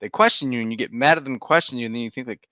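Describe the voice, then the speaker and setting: A man's voice: medium pitch, racing, bright, forceful tone, dry recording. A man co-hosting a podcast, talking animatedly about parenting, laughing and acting out his kids' lines. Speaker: podcast co-host. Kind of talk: casual chat.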